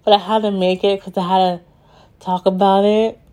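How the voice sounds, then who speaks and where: A woman hosting a personal podcast monologue, grieving and in shock, speaking haltingly with frequent restarts and pauses. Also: mid-range voice, little pitch movement, warm tone. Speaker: podcast host.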